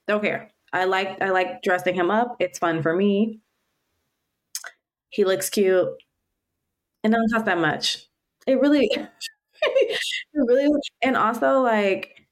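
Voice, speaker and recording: Chatty mom podcaster, low voice. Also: female voice. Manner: chatty, emphatic, laughs often. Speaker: podcast co-host. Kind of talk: casual chat.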